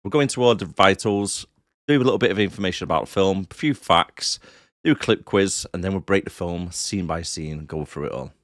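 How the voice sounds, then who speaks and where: A man's voice: low voice, a little fast, fairly bright tone, dry recording, clean studio sound. A man co-hosting a casual movie podcast, full of banter and wisecracks. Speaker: podcast co-host.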